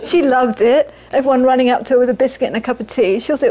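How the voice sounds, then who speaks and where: A woman's voice: high-pitched, fast, hardly any pauses. A woman teaching a Buddhist talk to an audience, telling stories with laughter and repeated phrases. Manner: warm storytelling with laughter and repetition.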